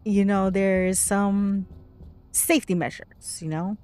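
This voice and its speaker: A woman's voice: mid-range voice, fairly even intonation, slow pace, background noise. Female gamer, live horror playthrough commentary, talks to herself, panicky pleading, drops to whispers. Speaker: game streamer. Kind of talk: let's play commentary.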